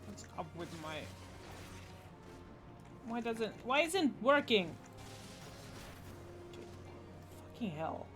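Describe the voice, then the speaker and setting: A woman's voice: on the high side, very animated, slow, pauses often, fairly bright tone, faint music behind. A woman streaming a game, muttering and swearing casually at what is happening on screen. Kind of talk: casual gameplay commentary.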